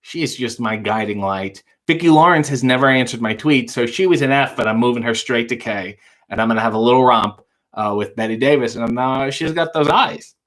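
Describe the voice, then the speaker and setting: A man's voice: mid-range voice, fairly quick, a bit bright. A man hosting a casual late-night livestream, answering viewer chat with dry, wry quips. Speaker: livestream talk show host reading viewer chat.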